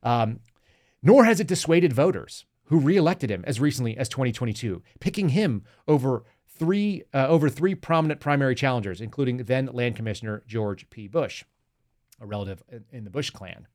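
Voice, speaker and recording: A man's voice: medium pitch, lively intonation, normal speed, darkish tone. A man hosting a political commentary podcast, reading news aloud and reacting with sarcastic, mocking remarks aimed straight at his listeners. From Texas. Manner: talks to the audience directly, reads news aloud. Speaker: podcast host.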